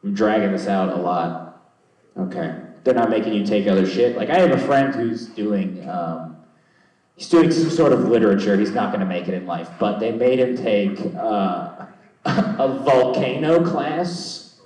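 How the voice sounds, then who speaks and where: A man's voice: lowish voice, moderate pace, dark tone, very echoey, distant mic, rough recording. A young man doing loose crowd work at a comedy show, rambling, swearing and mocking himself. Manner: rambling, swearing, self-deprecating. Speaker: stand-up comedian. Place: comedy club stage.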